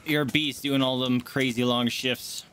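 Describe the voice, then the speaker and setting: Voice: mid-range voice, flat delivery, moderate pace, a bit bright, clean tone. A game streamer chatting casually on a live stream, often cooing baby talk at a pet dog between gameplay remarks.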